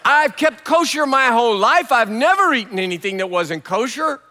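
A man's voice: very high voice, expressive, normal speed, bright, forceful tone, full character voice. A man voicing a stubborn, devout male apostle who insists and pleads. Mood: protesting.

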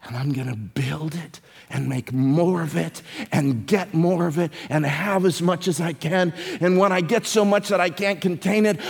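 A male pastor, preaching a sermon with emphatic, slow phrasing. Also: sits high, creaky, long reverb tail.

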